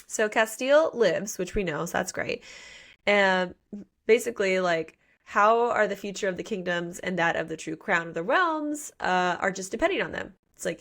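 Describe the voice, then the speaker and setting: A woman with a gravelly, fry-edged voice talks through a novel's plot in casual podcast chat. Her tone is playful and slangy, and she drops quick quoted asides as she goes. She sits at a middle pitch. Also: expressive, fairly bright tone. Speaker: podcast co-host. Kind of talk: casual book recap chat.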